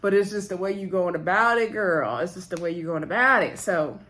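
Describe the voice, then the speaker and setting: A woman's voice: on the low side, animated, a little fast, fairly bright tone. Chatty woman recapping a reality show. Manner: chatty, heavy on fillers, talks to viewers as girl and y'all; switches voices to act out quoted cast members. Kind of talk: casual chat recap.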